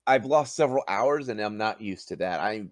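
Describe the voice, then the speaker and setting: A man voicing a confused young human noble training as a paladin, speaking in a halting, formal, courteous way. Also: lowish voice, expressive, no echo, studio quality, close to an everyday voice. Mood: formal, dazed.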